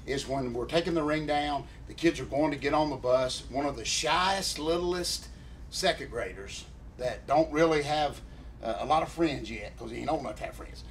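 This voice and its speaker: A man with a somewhat high voice tells a rambling, heartfelt story, stopping often to check in with his co-host. His talk is earnest and emotional, with a faint hiss of background noise. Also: normal speed. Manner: earnest, emotional, keeps addressing co-host by name. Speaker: podcast co-host.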